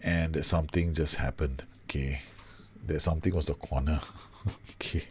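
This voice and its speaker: A man's voice: very deep voice, fairly even intonation, normal speed, a little hiss or hum. A man commentating on his own football management game, groaning and exasperated at his team. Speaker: gaming YouTuber.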